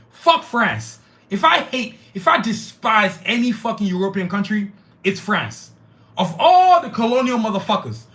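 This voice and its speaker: A man's voice: high voice, fairly bright tone. Fiery, profane male podcast host. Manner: profane, fiery, repetitive lists. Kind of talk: impassioned podcast monologue.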